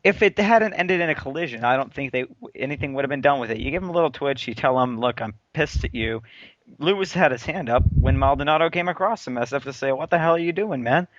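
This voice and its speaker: A man from the United States co-hosting a casual motorsport podcast, talking in an animated, opinionated way with frequent restarts. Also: medium pitch, fast, no room sound. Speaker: podcast co-host. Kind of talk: casual chat. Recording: muffled, dry lo-fi.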